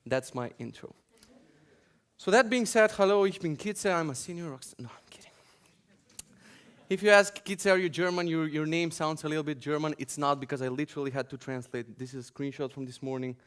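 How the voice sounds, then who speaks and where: Sarcastic conference speaker from Macedonia, male, slightly high pitch, jokey rant. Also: fairly quick, a bit bright, clear, resonant tone. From North Macedonia. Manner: sarcastic, joking, ranting. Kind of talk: conference talk. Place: conference hall.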